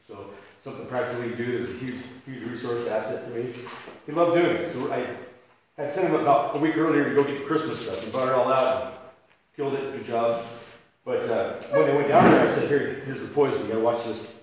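A man's voice: mid-range voice, fairly even intonation, fairly quick. Man preaching in an echoey hall. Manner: conversational, chuckling, many restarts. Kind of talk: storytelling sermon. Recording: echoey room, distant mic, faint hiss.

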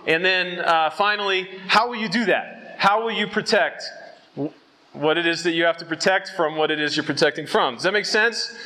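Bright-voiced, high-pitched male preacher. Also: moderate pace, a little hiss or hum, rough recording. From Southern California. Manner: casual and conversational, with fillers and audience check-ins. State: out of breath from altitude. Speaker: conference speaker. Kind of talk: youth conference sermon.

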